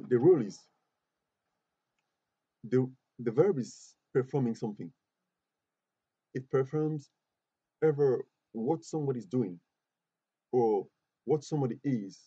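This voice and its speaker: A man's voice: mid-range voice, mellow, breathy edge, no echo. A man teaching an English grammar class in a classroom, patiently repeating himself and asking the students questions. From Côte d'Ivoire. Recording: muffled lo-fi classroom recording.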